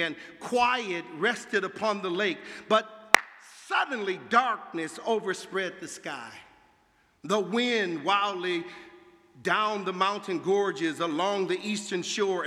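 A man preaching a sermon with dramatic delivery, dropping to a hush and then rising to shouts. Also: sits high, big-room sound. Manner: dramatic, swinging from hushed to shouting.

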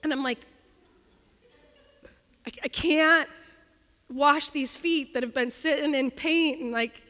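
A woman pastor delivers a sermon in a high, bright voice, telling an animated, self-deprecating story. Her voice rings with the long reverb of a church hall. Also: slow.

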